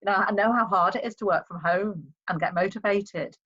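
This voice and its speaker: A chatty, upbeat woman with a faint Liverpool lilt talks casually as a podcast guest, laughing easily at mid pitch. Her voice comes through a slightly dull, lo-fi line. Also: a little fast, fairly bright tone, husky. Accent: soft Liverpool. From England. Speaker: guest author.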